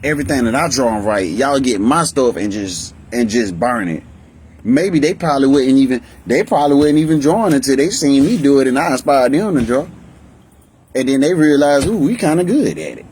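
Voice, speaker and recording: A man's voice: animated, fairly quick, a little mellow, a little hiss or hum. A young man, telling his life story in a rambling, emotional way, often restarting his sentences. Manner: rambling, emotional, restarts often, voices family members in higher pitch. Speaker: vlogger. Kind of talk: candid personal storytelling.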